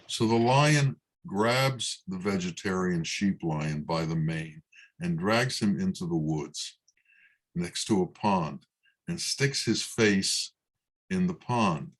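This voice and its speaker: Slow, low-voiced man telling a parable. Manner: slow, measured storytelling. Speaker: Sufi teacher. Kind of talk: spiritual talk with parable.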